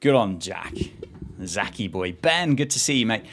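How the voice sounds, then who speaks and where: A man's voice: on the low side, very animated, normal speed, a bit bright, a little hiss or hum. Chatty man hosting a watchalong. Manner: chatty, reads chat aloud and reacts to play. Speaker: livestream host. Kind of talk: casual cricket watchalong chat.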